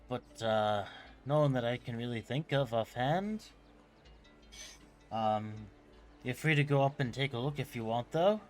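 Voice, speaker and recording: A man voicing an elderly woman shopkeeper, worried and weary, talking haltingly with many pauses and fillers. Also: mid-range voice.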